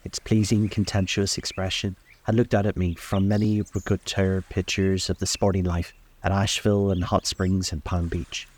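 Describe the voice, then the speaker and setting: A man reading a novel aloud in a calm, measured way, recorded outdoors on a lakeside deck. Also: deep voice. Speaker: storyteller.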